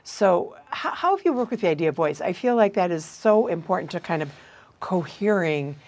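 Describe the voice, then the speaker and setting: Female interviewer, lower pitch, warm-free and attentive, casual conversational questions. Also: expressive, normal speed. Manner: attentive, frequent soft affirmations.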